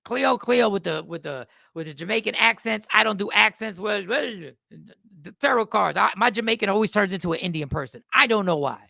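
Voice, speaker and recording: A man's voice: sits high, lively intonation, brisk, vocal fry, bright, forceful tone, dry recording, clean studio sound. A man in his fifties, a comedian and host, telling a rambling, self-mocking story in a casual style.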